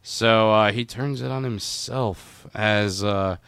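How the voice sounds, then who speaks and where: Smooth, low-voiced man chatting about movies. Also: takes it slowly, fairly bright tone, dry recording, studio quality. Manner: rambling, jokey, acts out quotes. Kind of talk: casual movie-discussion chat.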